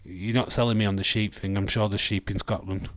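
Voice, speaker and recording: Speaking a little fast in a level, lowish voice, this Yorkshireman hosts a live wrestling watch-along and reacts to messages from chat. He's chatty and quick to laugh, and the recording is dry.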